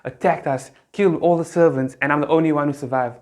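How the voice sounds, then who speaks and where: A young man voicing a panicked male servant who urgently blurts out bad news, his voice pushed higher and louder. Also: steady tone, fast talker, close to an everyday voice. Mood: frantic. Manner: breathless, urgent, raised voice.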